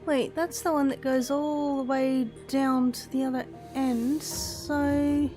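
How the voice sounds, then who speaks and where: A woman's voice: sits high, little pitch movement, slow, warm tone, faint music behind. An Australian woman giving casual let's-play commentary, chatting and thinking aloud to herself as she plays. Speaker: gaming YouTuber.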